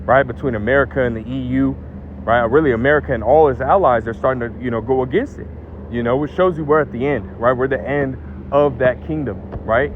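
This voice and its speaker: A man preaches in a loose, conversational way, checking in with "right?" and "man" after almost every phrase and stammering repeats when he pushes a point. His voice sits at an ordinary middle pitch. The recording is dull and lo-fi, with faint traffic noise from outdoors behind him. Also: brisk. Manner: casual, keeps adding "right?" and "man"; repeats words when emphatic. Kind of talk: informal religious commentary.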